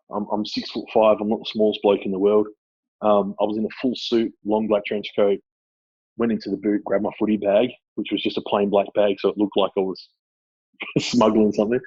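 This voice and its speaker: Australian man, low husky voice, guest on a podcast, lively anecdotes, muffled dry recording. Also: no echo. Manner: animated storyteller, laughs often. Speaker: guest, former player. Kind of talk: casual chat.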